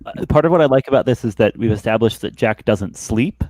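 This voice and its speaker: A man running a tabletop game who speaks haltingly, with many "uh"s, and sums up what the players say. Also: mid-range voice, expressive, a little mellow, no room sound. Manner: halting, many "uh"s, summarizing others.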